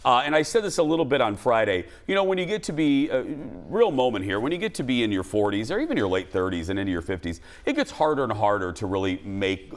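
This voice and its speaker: A male talk show host in his forties, from Minnesota, chatting casually and laughing often. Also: medium pitch. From Minnesota, USA. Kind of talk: casual chat.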